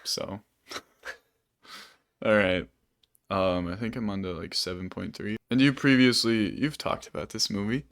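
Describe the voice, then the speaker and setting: A man talks through a film on a casual podcast, meandering and full of fillers. His voice sits low and easygoing. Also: unhurried, pauses often, a bit bright. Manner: rambling, many fillers. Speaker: podcast co-host. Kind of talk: casual movie review chat.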